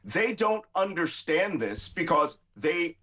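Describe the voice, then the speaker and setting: A man's voice: on the high side, big pitch swings, takes it slowly. Emphatic man debating hotly. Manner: emphatic, forceful. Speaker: guest commentator. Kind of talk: heated debate.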